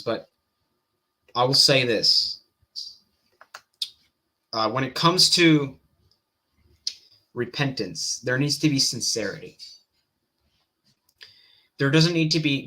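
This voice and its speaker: A man with a bright, clear voice comments on a clip in a loose, unscripted way. He hesitates often, restarts his sentences and leans on fillers while he thinks. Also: mid-range voice. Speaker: Christian apologetics commentator. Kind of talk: casual reaction commentary.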